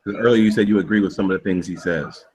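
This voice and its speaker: A man with a fairly low voice who drawls slowly and teases the other speakers in a casual online voice chat. His delivery is unhurried. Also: darkish tone. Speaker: debate participant.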